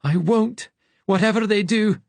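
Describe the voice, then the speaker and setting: A man voicing a terrified male scientist who speaks in a quiet, fierce, almost hissing tone in an audiobook. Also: medium pitch, steady tone, a little slow, vocal fry, husky, no echo, voice pushed up. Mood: desperate.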